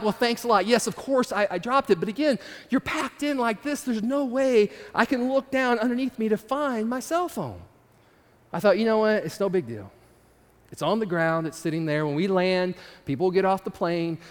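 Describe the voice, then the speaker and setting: A man with a voice that sits high, trailed by long reverb, tells a personal story in a storytelling sermon. He's casual and conversational, turning to the audience with asides.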